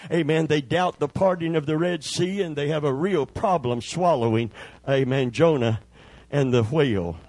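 A man pastor preaches, his voice a touch higher than most men's. He moves between folksy storytelling and fervent peaks, calling out for amens. The recording is dry and close, with no room echo. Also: moderate pace. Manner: preaching with sudden swells in pitch and loudness; folksy storytelling with calls for amen. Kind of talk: sermon.

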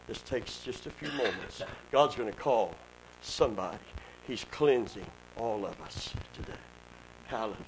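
A male pastor preaches emphatically, his voice swelling loud on key words. A faint hum sits behind him. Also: on the low side, lively intonation, moderate pace, poor audio. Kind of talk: sermon.

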